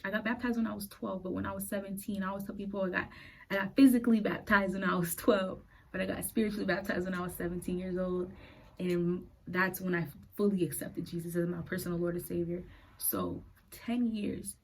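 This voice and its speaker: A woman in her late twenties hosting a podcast. She tells her personal faith story in an earnest, halting way and is close to tears. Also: fairly low pitch, fairly even intonation, vocal fry, slight background noise, poor audio. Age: late 20s. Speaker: podcast host.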